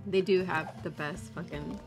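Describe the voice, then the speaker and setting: A young female gaming streamer gives casual commentary while she plays, excitable and swearing freely, with gasps and exclamations. Her voice is lowish, a little slow, and has vocal fry. Loud game music plays behind her.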